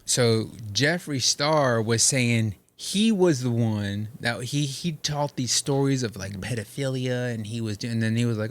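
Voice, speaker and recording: A young man in casual podcast chat, telling a story in a loose, slangy way. He acts out what other people said as he goes, and his voice sits in an ordinary middle pitch. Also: normal speed, hardly any pauses. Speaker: podcast co-host.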